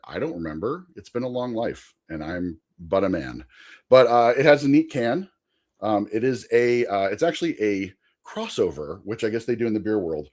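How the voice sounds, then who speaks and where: A man's voice: on the low side, darkish tone. A man chatting casually on a podcast, telling a long rambling story and laughing often. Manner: chatty with frequent fillers and asides.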